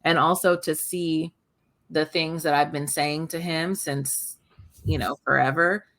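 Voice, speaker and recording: A woman's voice: steady tone, unhurried, a bit bright. A woman in her thirties co-hosting a podcast, chatting candidly and casually. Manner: candid, chatty, often quotes her toddler in a high voice. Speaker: podcast co-host.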